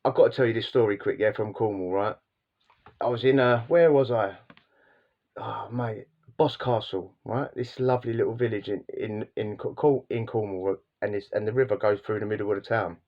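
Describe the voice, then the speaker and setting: A man's voice: on the low side, moderate pace, dull audio. A man vlogging, telling casual stories in a rambling, slangy way with lots of repeats and restarts. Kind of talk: casual storytelling monologue.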